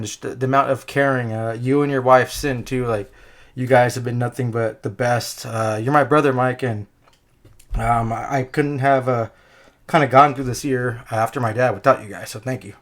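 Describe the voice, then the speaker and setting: Excitable man in casual hockey podcast chat. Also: mid-range voice, normal speed. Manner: excitable, laughs often, gets emotional. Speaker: podcast co-host.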